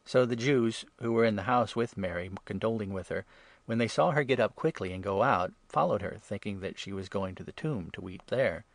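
Low-voiced man reading scripture. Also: a little fast, no echo. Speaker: reader.

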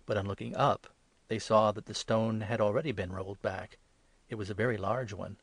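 A man giving a measured, solemn scripted reading of scripture. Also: on the low side, steady tone, no echo. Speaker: reader.

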